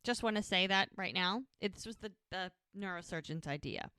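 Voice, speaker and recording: A woman's voice: medium pitch, moderate pace, pushed and bright, clean tone, dry recording. A woman co-hosts a casual podcast and walks through each scene by acting out the characters' lines. Her voice sits in a middle range. The sound is dry and close. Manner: retells scenes by quoting characters. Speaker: podcast co-host. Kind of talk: casual recap chat.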